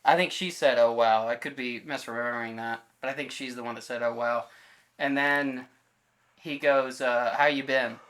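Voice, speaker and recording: A man's voice: mid-range voice, steady tone, moderate pace, a bit bright. A man co-hosting a podcast in casual chat, telling a story and acting out the quoted lines of everyone in it, with loose fillers and self-corrections. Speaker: podcast co-host.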